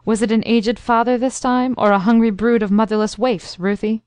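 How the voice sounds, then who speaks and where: A woman's voice: on the high side, steady tone, normal speed, darkish tone, clean tone, no echo, lightly acted. A woman doing a cheerful young man, easy and playful. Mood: teasing. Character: cheerful young man, warm-hearted suitor.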